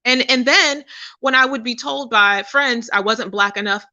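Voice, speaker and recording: Podcast host, woman, bright and sharp tone, casual storytelling with lots of asides. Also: on the high side, normal speed, dry recording. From Pittsburgh. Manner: conversational, many fillers and asides. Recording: dry, dull lo-fi.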